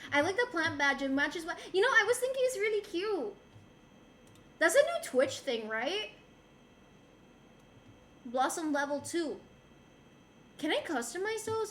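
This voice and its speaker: A woman's voice: high voice, fairly bright tone. A woman from Rico, chatting casually with her stream viewers and laughing often as she switches between English and Spanish. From Puerto Rico. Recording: roomy with faint background noise.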